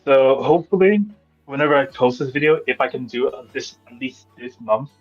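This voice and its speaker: A man's voice: mid-range voice, a little fast, faint music behind. A young man chatting casually over a voice call, hesitant and rambling with lots of fillers. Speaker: guest on voice chat. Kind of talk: casual chat. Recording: dull lo-fi voice chat.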